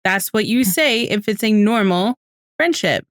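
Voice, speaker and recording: A woman's voice: medium pitch, animated, a little slow, no room sound, studio quality. A woman co-hosting a casual podcast, giving wry, emphatic commentary on a TV episode. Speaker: podcast co-host. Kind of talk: casual chat recapping a TV episode.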